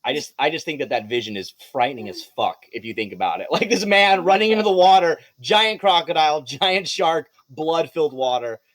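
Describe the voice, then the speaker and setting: Animated, swearing game master man. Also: a little high, a little fast, few pauses. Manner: animated, swearing, breaks into laughs. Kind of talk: narrating a live tabletop game.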